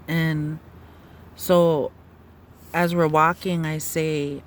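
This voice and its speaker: Woman, slow-paced, halting, searching for words, personal dream testimony. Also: sits low, steady tone, slight background noise. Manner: halting, searching retelling full of fillers and restarts. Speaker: storyteller.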